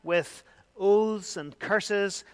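A man delivers a sermon in a high, resonant voice. His preaching is emphatic, swelling to loud declarations and falling to quiet, hushed lines. The tone stays smooth and clear throughout. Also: very slow.

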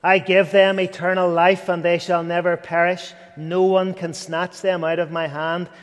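High-voiced preacher in a reverberant hall. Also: male voice, little pitch movement, moderate pace. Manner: earnest, rising to fervent, dropping to near whisper. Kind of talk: sermon.

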